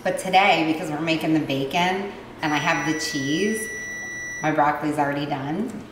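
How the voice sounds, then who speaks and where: A woman hosting a casual cooking vlog in a home kitchen, bubbly and excitable as she talks to her viewers. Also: deep voice, normal speed. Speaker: cooking show host. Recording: echoey kitchen from far off, noisy.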